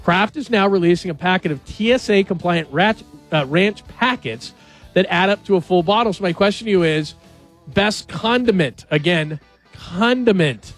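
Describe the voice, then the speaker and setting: A man's voice: high voice, expressive, normal speed, faint music behind. A man hosting a radio show in casual, jokey chat and asking his co-hosts questions. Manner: chatty, jokey, asks the others questions.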